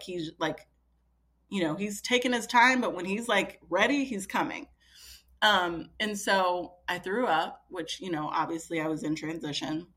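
A woman's voice: on the low side, a bit bright. A woman in her thirties, a podcast guest telling a personal story in a chatty way, full of fillers and quoting herself. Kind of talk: casual storytelling.

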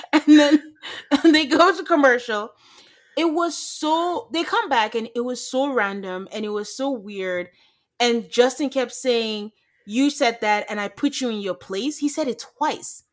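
A woman's voice: sits high, lively intonation, slow pace, fairly bright tone. A woman co-hosting a podcast, recapping a reality show in casual chat, laughing often and acting out quotes. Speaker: podcast co-host.

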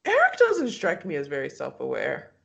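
A woman's voice: low-pitched, wildly swooping pitch, moderate pace, vocal fry. A woman co-hosting a podcast, recapping a reality show in casual chat and laughing often as she acts out quotes.

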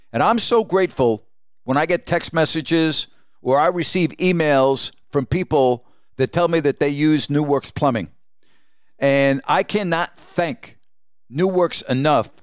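A man's voice: fairly high pitch, no echo, studio quality. A man hosting his own podcast, telling a personal story in a conversational way and acting out quoted exchanges with the people in it. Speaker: podcast host.

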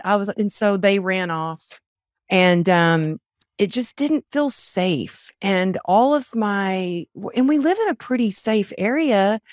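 Speaking at a medium pitch in a dry, studio-quality recording, a middle-aged woman from Texas guests on a podcast as an author and coach. She's an animated storyteller in this casual interview, performing the quotes of the people involved.

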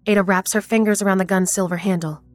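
A woman narrating a horror story in a measured, even storytelling manner. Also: mid-range voice, soft background music.

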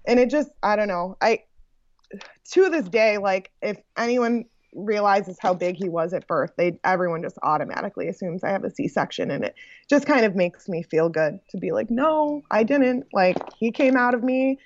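A young woman telling her birth story in a casual, animated way, full of "like" and laughs. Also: medium pitch, normal speed, dry recording, lo-fi sound. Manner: animated, frequent "like" fillers and laughs. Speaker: podcast guest sharing her birth story.

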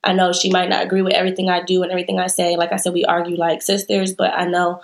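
A woman's voice: fairly low pitch, monotone, rapid-fire, vocal fry. A young woman, a guest in a casual interview, talking candidly and rambling with fillers and restarts.

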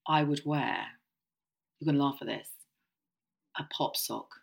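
A middle-aged woman co-hosting a podcast, chatting casually in an animated, emphatic way and quick to laugh. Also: extremely low pitch, gravelly, breathy edge. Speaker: podcast co-host. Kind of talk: casual chat.

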